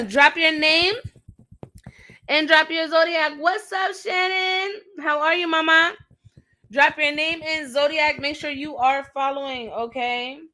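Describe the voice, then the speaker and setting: A woman's voice: sits high, fairly even intonation, takes it slowly, sharp tone. A woman hosting a livestream tarot reading, talking bluntly in slangy, casual speech and repeating phrases for emphasis.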